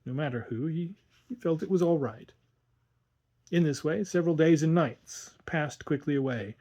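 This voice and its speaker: Guy reading a story out loud, slow and measured, breathy husky voice. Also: medium pitch. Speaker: audiobook reader. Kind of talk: audiobook narration.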